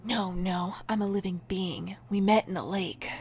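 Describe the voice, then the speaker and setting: A woman voicing a possessive parasitic amoeba in the shape of a man, speaking low, soft and breathy, sometimes in a whisper, for a game reading. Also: steady tone, measured pace, a little hiss or hum, natural voice. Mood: tender.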